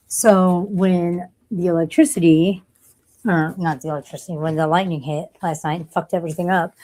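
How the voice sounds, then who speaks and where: A woman's voice: lowish voice, darkish tone. A woman chatting casually from inside her car, rambling bluntly and swearing freely. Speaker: vlogger. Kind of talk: casual chat.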